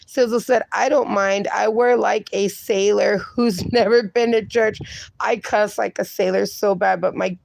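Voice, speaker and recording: A woman's voice: medium pitch, fairly even intonation, unhurried, gravelly, a little mellow, no room sound. A woman hosting a casual livestream, reading viewer comments aloud and chatting, swearing freely. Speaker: livestream host reading chat.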